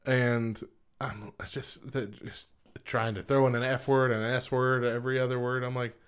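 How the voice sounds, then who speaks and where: A man's voice: medium pitch, level tone, moderate pace, a bit bright, clear, resonant tone. A man hosting a radio show, chatting wryly and switching to upbeat announcements and sponsor reads. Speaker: radio host.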